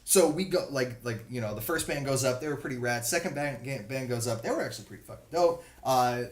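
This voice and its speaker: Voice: mid-range voice, fast. A podcast host in their thirties telling a rowdy story in casual chat, with plenty of swearing. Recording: echoey room.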